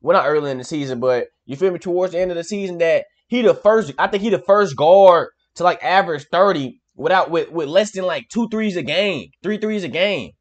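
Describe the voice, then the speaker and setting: A young man hosting a reaction video, talking in an excitable, slangy way and laughing often. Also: sits high, brisk, hardly any pauses. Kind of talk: casual reaction commentary.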